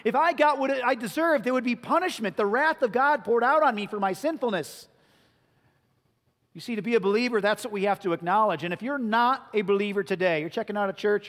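A male pastor preaching a sermon, earnest and rising to emphatic peaks, in a church. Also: sits high. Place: church sanctuary. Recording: long reverb of a large hall.

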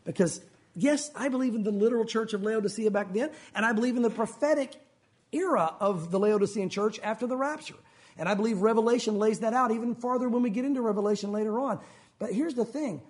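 A man's voice: sits high, quick pace, a little mellow. Guy preaching a sermon, earnest and chatty, talks right to the folks. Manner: earnest, conversational preaching that addresses the congregation as "guys". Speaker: pastor.

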